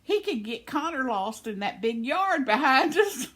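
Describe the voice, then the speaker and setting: This older woman has a high-pitched, fairly bright voice with big pitch swings and a measured pace. She's a vlogger chatting casually at home, indoors, laughing often as she reads comments from viewers.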